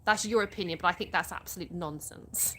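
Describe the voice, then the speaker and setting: Bright-voiced woman chatting outdoors. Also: fairly low pitch, moderate pace, slight background noise. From England. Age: 30s. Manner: reads viewer comments aloud and answers them chattily. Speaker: livestream host. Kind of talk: live-stream Q&A chat.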